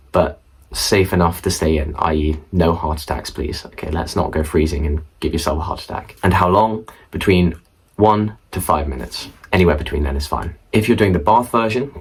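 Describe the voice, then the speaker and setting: A deep, breathy-edged voice belongs to a young student vlogger who chats to camera about study tips, adding casual asides to his viewers. He's in a room at home, and the camera mic aimed at the viewer gives a low-quality recording.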